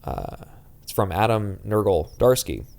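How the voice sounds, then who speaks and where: A man co-hosting a podcast, speaking in a halting, intense way with frequent restarts. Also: lowish voice, sing-song, creaky, darkish tone. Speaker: podcast co-host. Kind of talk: casual podcast discussion.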